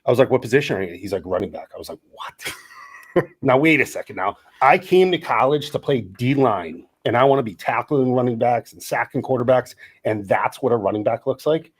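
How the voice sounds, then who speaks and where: A man of about fifty tells old stories on a podcast in a loose, chatty way. He slips into the voices of the people he quotes. His voice sits at an ordinary middle pitch. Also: brisk, slightly rough. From Wisconsin. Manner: animated storyteller, acts out quoted dialogue. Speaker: podcast co-host, former college lineman. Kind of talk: casual storytelling chat.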